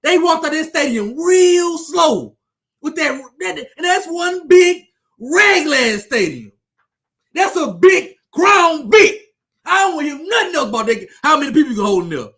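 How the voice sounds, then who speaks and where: His pitch is extremely high and his delivery very animated, pushed and bright, at a normal speed. Running his own channel, this sports commentator rants fiercely and profanely at his viewers, taunting them and repeating lines for effect.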